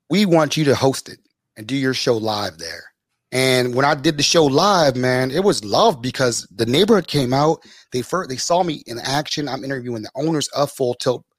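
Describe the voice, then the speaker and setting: A man, a podcast host telling stories as a guest, lively and acting out the people he quotes. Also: no echo, studio quality. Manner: animated, acts out quoted people with big pitch jumps. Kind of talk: casual storytelling in an interview.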